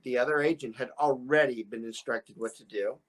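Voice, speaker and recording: Brisk and fairly even in intonation, a man with a mid-range voice hosts a podcast. He's a real estate broker whose storytelling rambles, with frequent restarts, stammered repeats, and laughter.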